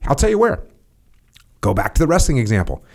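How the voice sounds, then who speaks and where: A podcast host talks casually in a creaky, mid-range male voice that is sing-song and fairly quick. He is plain-spoken and acts out short quoted exchanges to make his points.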